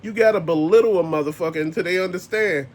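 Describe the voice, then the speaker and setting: A man's voice: sits high, fast talker. Blunt, profane man ranting. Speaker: host. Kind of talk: ranting monologue.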